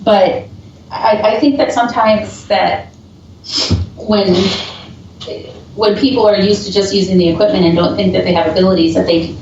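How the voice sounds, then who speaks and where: A woman's voice: medium pitch, fairly even intonation, normal speed, long pauses, darkish tone. A woman paranormal investigator chatting casually and telling stories with frequent laughs, heard over a remote call. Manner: chatty storyteller, laughs often. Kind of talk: casual chat. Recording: dull, distant, echoey call audio with faint noise.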